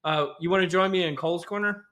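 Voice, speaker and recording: Male podcast host, slightly high voice, easygoing chatty interviewer. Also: fast talker, pushed and bright. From rural North Louisiana, US. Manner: friendly, laughs easily, hedges with "like". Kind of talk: casual interview chat.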